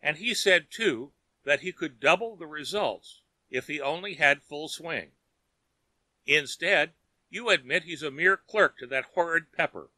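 An earnest young woman pleads and presses eagerly, as a man reading a story puts her on. The voice sits higher and very bright, with a lively, swinging melody. It is recorded close and dry. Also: measured pace, dry recording, heavily acted. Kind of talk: audiobook character reading.

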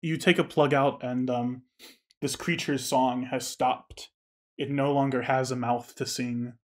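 A man's voice: medium pitch, steady tone, unhurried. A young man narrating a tabletop game as game master, in a loose, casual way with fillers.

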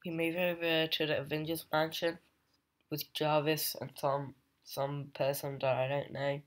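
Male comic reviewer, unhurried and level, loose rambling recap full of fillers. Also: fairly high pitch, little pitch movement, a bit bright. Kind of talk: casual plot recap.

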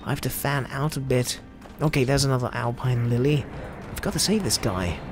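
A man with an Australian accent talks his way through a game session in a chatty, joking way, his voice sitting at an ordinary middle pitch. Soft game music plays faintly behind him. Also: a little fast. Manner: chatty, jokey, excitable. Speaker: gameplay video host. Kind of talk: casual gameplay commentary.

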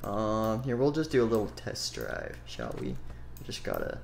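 A man's voice: on the low side, wildly swooping pitch, moderate pace, creaky, a little mellow, slight background noise. A young man voicing a roleplay in a sandbox game, talking casually and rambling with lots of fillers and goofy asides. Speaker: gaming video host and roleplayer.

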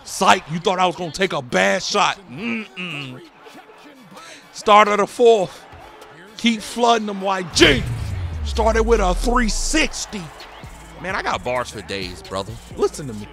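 Boastful high gravelly young man. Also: animated, measured pace, a bit bright, soft background music. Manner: boastful trash talk, slips into sing-song. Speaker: gaming YouTuber. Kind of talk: hyped gameplay commentary.

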